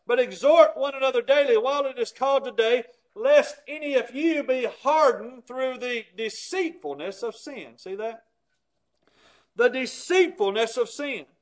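High-voiced male preacher. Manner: storytelling, acts out quoted voices, dramatic drops in volume. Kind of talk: sermon.

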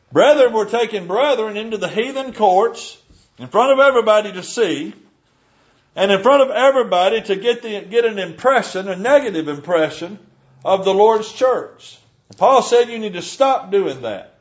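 A man's voice: sits high, lo-fi sound. A man preaching a sermon, earnest and emphatic, reading scripture aloud.

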